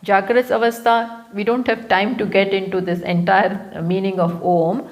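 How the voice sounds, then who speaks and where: A woman with an Indian English accent giving a live scripture lecture as a spiritual teacher, unhurried and repeating key phrases for emphasis. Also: medium pitch, little pitch movement. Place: live talk venue.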